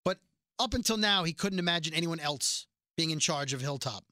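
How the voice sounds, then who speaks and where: Bright, high-voiced man recapping a show. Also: dry recording, clean studio sound. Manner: animated retelling, quoting characters in quick bursts. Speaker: podcast co-host recapping a TV episode. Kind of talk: casual chat.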